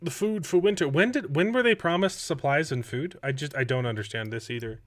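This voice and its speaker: A man hosting a casual chat, sarcastic and animated, often reading show lines aloud. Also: a little high, brisk, no room sound. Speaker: podcast host.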